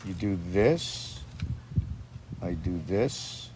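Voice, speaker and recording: A video maker wanders through a rambling monologue outside, hopping between ideas and stopping to speak to his dogs. He has a low, animated voice, talks extremely slowly, and there is background noise.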